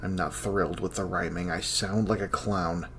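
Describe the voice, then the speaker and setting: A lonely, snarky archive scholar, with a very deep voice and a dry, irritable bite. He sounds worn down by long hours alone. Faint ambient noise sits under the voice. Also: fairly even intonation, normal speed, a bit bright. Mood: irritated. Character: weary male archive scholar, sarcastic and lonely. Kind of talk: audio drama acting.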